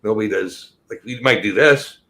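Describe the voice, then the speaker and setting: A man's voice: lowish voice, normal speed, a bit bright. A man co-hosting a casual stream chat, swearing often and rambling in loose sentences. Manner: profane, rambling, trails off. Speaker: stream co-host.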